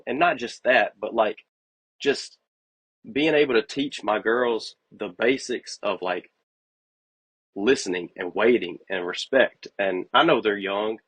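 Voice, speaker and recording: A man who is a podcast guest, telling parenting stories in an animated, casual way. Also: lowish voice, unhurried, husky, rough recording. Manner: animated storyteller, acts out scenes. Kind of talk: casual conversation.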